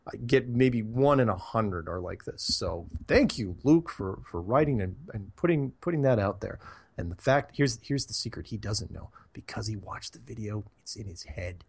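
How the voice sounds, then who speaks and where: A man's voice: fairly low pitch, expressive, normal speed, husky. A man hosting a show, reading listener emails and answering with rambling, chatty asides. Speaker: podcast host.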